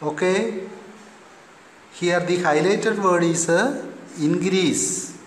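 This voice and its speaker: A man with an Indian English accent teaching a school English lesson. He explains slowly and deliberately, spelling words out letter by letter and repeating definitions. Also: high voice. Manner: repeats definitions, often pauses with okay. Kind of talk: recorded online class lesson. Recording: echoey room with long reverb, faint background hum.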